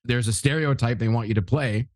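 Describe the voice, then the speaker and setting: A man in his thirties hosting a podcast, chatting casually and quick to agree and react. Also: mid-range voice, no echo, clean studio sound. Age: 30s. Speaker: podcast host.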